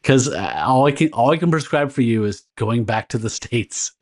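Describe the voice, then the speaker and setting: A man's voice: medium pitch, expressive, moderate pace. A man co-hosting a casual podcast, recapping a comic story in a rambling, laughing way with many fillers. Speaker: podcast co-host. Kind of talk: casual comic book discussion.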